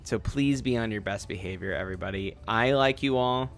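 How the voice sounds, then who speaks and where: A man's voice: fairly low pitch, a little fast, creaky, soft background music. A man voicing a nervous young vampire hunter in a tabletop game, talking in a rambling, hesitant way. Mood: chatty. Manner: rambling, full of "like" and restarts. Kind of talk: tabletop game role-play.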